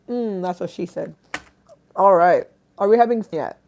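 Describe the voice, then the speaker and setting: A woman's voice: medium pitch, dark tone. A woman chatting casually on a live stream, irreverent and self-mocking, swearing freely while she eats and drinks.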